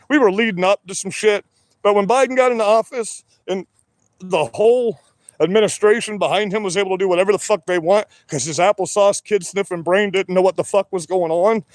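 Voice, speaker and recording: A man livestreams from his work shed, his voice pitched high and his sound dry and close. Wired on energy drinks, he rambles and curses without pause. Even when he is calm, he always sounds like he is yelling. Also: no room sound. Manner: loud, rambling and profane, with many "you know"s. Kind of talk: livestream rant. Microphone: phone.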